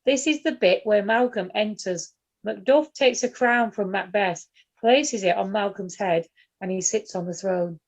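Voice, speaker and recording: A woman's voice: mid-range voice, unhurried. A woman narrating the stage directions of an amateur comic play over a video call. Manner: light, storytelling narration.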